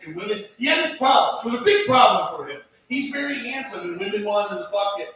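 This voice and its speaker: High-voiced deadpan stand-up comic, echoey. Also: male voice, fast. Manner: deadpan, crude, rambling delivery. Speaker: stand-up comedian. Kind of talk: open mic stand-up set. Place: small comedy venue. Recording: echoey room, voice from far off.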